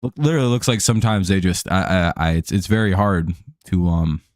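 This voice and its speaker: On a live stream, a man casually comments on a baseball game, rambling with lots of fillers and restarts and chuckling frequently. His voice is low, a little fast, and a little mellow, captured in a dry, studio-quality recording.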